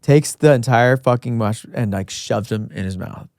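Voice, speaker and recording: A man's voice: mid-range voice, normal speed, a little mellow, no room sound, studio quality. A young man co-hosting a podcast, telling a story in casual chat and acting out other people's lines. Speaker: podcast co-host.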